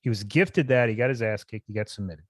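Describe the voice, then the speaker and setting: A man's voice: lowish voice, fast, dry recording, clean studio sound. A man co-hosting a casual podcast, ranting bluntly and cursing a lot. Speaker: podcast co-host. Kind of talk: casual chat.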